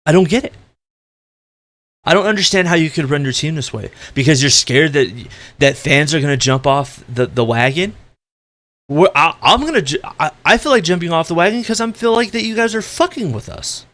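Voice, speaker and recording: A man ranting bluntly in an opinion vlog, exasperated and profane, swinging between loud outbursts and tired, quieter stretches. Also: fairly high pitch, animated, moderate pace. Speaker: esports commentator.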